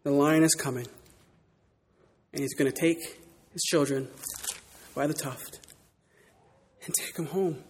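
A man preaching a sermon in church, dramatic, swinging from loud declarations to hushed words. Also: on the high side, normal speed, long pauses, big-room sound, slight background noise. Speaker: pastor.

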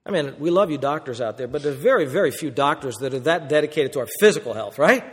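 Male pastor, higher voice, animated sermon with acted-out quotes, long hall reverb. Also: fast talker, husky. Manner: animated preaching, acting out quoted voices, rhetorical questions.

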